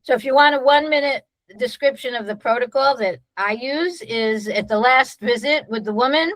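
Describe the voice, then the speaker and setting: A woman's voice: on the high side, moderate pace, a bit bright, no echo, low-quality recording. A middle-aged woman, a nurse-midwife, explaining a birth protocol in a conversational way, full of restarts and fillers.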